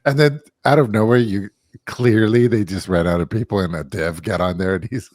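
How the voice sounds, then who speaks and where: A man in casual podcast chat with a lowish voice that rises and falls a lot as he tells jokey stories. The recording is dry and close, with no room sound. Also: a little fast, no room sound. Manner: animated, jokey storyteller who swears. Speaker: podcast co-host.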